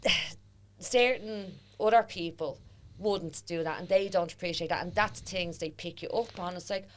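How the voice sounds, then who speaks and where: A woman's voice: on the low side, moderate pace. A woman with a Dublin accent, a historian and author, chatting as a podcast guest and retelling stories with quoted voices. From Ireland. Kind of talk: casual podcast conversation.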